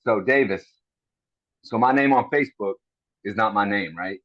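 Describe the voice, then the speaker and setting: A man's voice: lowish voice, moderate pace, fairly bright tone, no room sound. A middle-aged man, a veteran guest, telling stories in a blunt, profane, chummy way. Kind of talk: casual storytelling chat. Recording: dull dry lo-fi sound.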